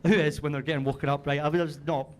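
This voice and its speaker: A man's voice: fairly high pitch, steady tone, fast talker. A Scottish man in his thirties doing a stand-up set, telling a story in a chatty, swearing manner with frequent tag questions, on a handheld mic in a comedy club. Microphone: handheld stage mic. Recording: noisy live club recording.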